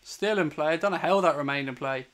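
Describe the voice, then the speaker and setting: A young Irish man giving live play-by-play commentary for a fan watchalong stream, brisk and partisan, swearing freely when annoyed. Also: fairly high pitch, a bit bright. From Ireland. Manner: swears hotly at opposing players.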